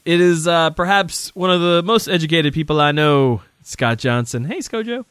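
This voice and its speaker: A man's voice: fairly high pitch, moderate pace, a bit bright, smooth, no echo, studio quality. A man hosting a casual podcast panel chat, playful and fond of alliteration. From Providence, Rhode Island. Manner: playful, alliterative show intro. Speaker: host.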